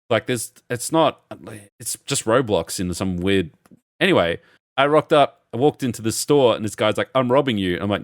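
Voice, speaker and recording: A podcast co-host with a lowish voice, recorded at studio quality with no echo. He's an animated storyteller in casual conversation, cursing a lot and performing the quotes.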